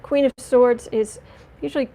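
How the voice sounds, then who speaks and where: A woman giving a livestreamed tarot reading, talking indignantly and emphatically with halting restarts as she greets chat. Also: fairly high pitch, steady tone, dark tone, low-quality recording. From United States. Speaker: tarot reader.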